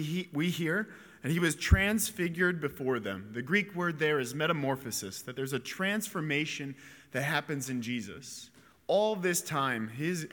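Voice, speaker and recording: A man's voice: fairly high pitch, sharp tone. A man giving an earnest, reflective homily in a chapel. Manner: earnest, reflective preaching with pauses and restarts. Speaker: priest or preacher. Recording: long echo of a chapel.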